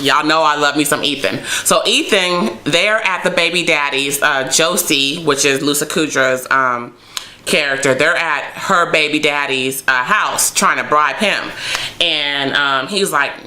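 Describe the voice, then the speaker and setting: A young woman with a low but bright, forceful voice recaps a TV episode for her viewers. She talks in a loose, chatty way and keeps acting out the characters' lines. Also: a little slow. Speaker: TV episode reviewer. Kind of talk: casual recap vlog.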